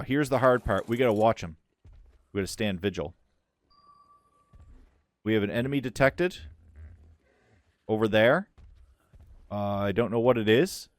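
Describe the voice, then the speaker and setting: A man hosting a let's-play, talking through his game casually and swinging from hushed to loud excitement. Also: lowish voice. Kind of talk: casual gameplay commentary.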